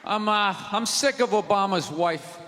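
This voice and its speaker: A man doing a stand-up comedy set on a theater stage, ranting in a loud, exasperated way. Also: high voice, expressive, unhurried, background noise. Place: large theater stage with live audience. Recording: live theater recording with long reverb and crowd.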